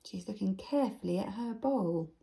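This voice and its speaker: A woman, a nursery teacher, reading a storybook to young children with an expressive, gently coaxing manner and soft asides. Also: mid-range voice, normal speed, gravelly, noisy background.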